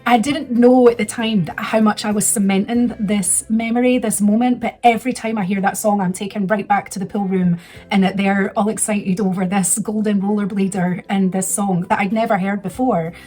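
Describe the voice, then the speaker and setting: A woman's voice: mid-range voice, fairly even intonation, moderate pace, darkish tone, faint music behind. A woman in her thirties telling a rambling, emotional personal story in a casual vlog. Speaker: vlogger.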